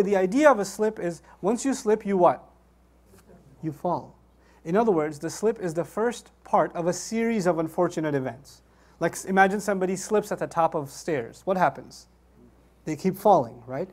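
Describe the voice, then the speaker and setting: A man giving a conversational Quran commentary lecture, animated and acting out quotes. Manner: animated, conversational, acts out quotes with rising pitch and laughter. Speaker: Islamic preacher.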